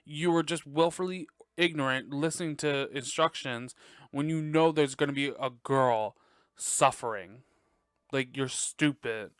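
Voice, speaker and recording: A man's voice: fairly high pitch, measured pace, clear, resonant tone, no echo, clean studio sound. A young man hosting a podcast from his bedroom, chatting casually about a movie with lots of swearing and frequent laughter. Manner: profane, excitable, laughing often. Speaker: podcast host. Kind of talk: casual movie review chat. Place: dark bedroom at home.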